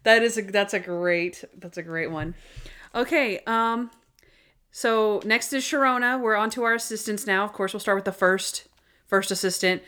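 A woman's voice: medium pitch, sharp tone, clean tone. Chatty woman recapping a show. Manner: chatty, retells scenes with quick quoted voices and laughter. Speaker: podcast co-host. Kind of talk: casual chat recapping a TV show.

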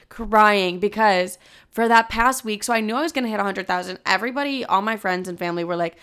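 Chatty young woman with vocal fry. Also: mid-range voice, quick pace, fairly bright tone. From Chicago. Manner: chatty, fills talk with "like" and "literally", swears casually. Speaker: podcast host. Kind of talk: casual chat.

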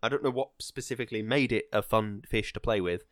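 A man's voice: fairly low pitch, fast talker, a bit bright, dry recording, clean studio sound. A man chatting casually about a film, rambling and hesitant with many fillers and restarts.

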